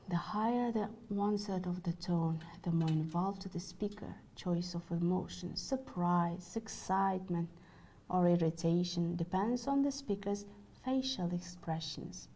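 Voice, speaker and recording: A woman's voice: mid-range voice, warm tone, poor audio. A woman giving an online course lecture, reading carefully with small slips and restarts while demonstrating tones; her first language is Russian.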